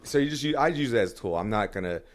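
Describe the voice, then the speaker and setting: A man's voice: medium pitch, animated, racing. A man talking as a songwriter guest on a podcast, rambling casually with many restarts and fillers.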